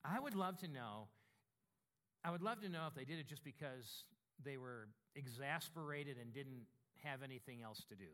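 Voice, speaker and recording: A male pastor preaching a sermon in a conversational, animated, self-deprecating way. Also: mid-range voice, moderate pace.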